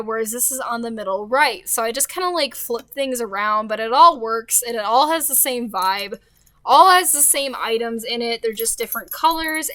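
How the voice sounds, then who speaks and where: A chatty woman with a high, bright voice, talking through a relaxed voiceover from home. She rambles, laughs easily and leans on filler words. The sound is close and dry, with no room echo. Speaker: game builder narrating her build. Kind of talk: casual voiceover.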